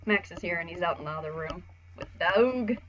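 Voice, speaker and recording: Casual female art tutor, bright tone, slightly muffled lo-fi mic. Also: fairly low pitch, fairly quick. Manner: chatty, casual, swears, acts out voices.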